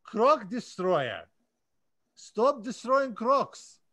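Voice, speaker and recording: A loud, sing-song mock Russian accent, as a man puts it on, drawing out each name in a very high, lively voice. It is hammed up for fun and swoops widely in pitch. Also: very slow, full character voice. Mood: hammy. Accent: put-on Russian.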